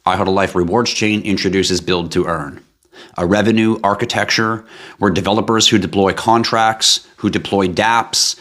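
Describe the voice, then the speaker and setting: A man hosting a live stream, giving a hype-driven sales pitch with asides and tangents. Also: fairly even intonation, normal speed, a bit bright. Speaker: live stream host pitching a blockchain project.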